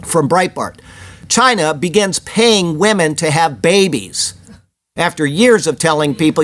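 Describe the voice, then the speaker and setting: Male commentary host with a high voice, opinionated and prone to asides. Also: lively intonation, a little slow, a bit bright. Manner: opinionated, with rambling personal asides. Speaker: host of a weekly prophecy news report. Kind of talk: chatty news commentary.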